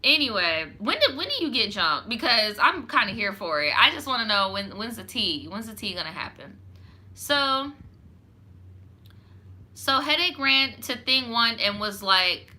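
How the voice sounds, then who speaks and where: Her voice is fairly high, sing-song and sharp, unhurried, with a little hiss or hum in the audio. This young storytime host reads a viewer's story aloud, breaking in with blunt, sassy, profane commentary full of "like."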